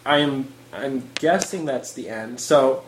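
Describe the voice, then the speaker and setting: A man's voice: medium pitch, slow, a little hiss or hum. A male podcast host doing a comedic word-for-word reading of a fan story, who laughs often.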